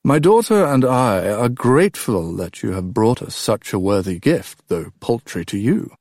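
A man's voice: fairly low pitch, sing-song, unhurried, darkish tone, no room sound, clean studio sound, exaggerated voice. A man doing a cool, unreadable king. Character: mild, guarded older king.

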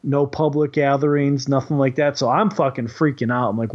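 A man's voice: medium pitch, fairly even intonation, brisk. A man who works as a kindergarten teacher, telling a story in casual, rambling chat, swearing freely and filling his talk with "like". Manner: rambling, profane, heavy on "like". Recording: dull lo-fi recording.

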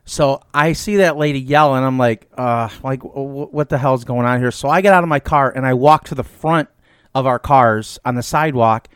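A man co-hosting a podcast, telling a story in casual chat with animated, incredulous delivery. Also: medium pitch, normal speed, clean tone, dry recording, clean studio sound. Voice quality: redhead self-described. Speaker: podcast co-host.

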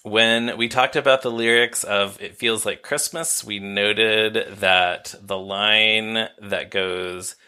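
A man co-hosting a podcast, chatting casually and briskly reading out listener mail. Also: lowish voice, fairly even intonation, bright, forceful tone, clean tone. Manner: brisk, reads listener comments aloud. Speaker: podcast co-host.

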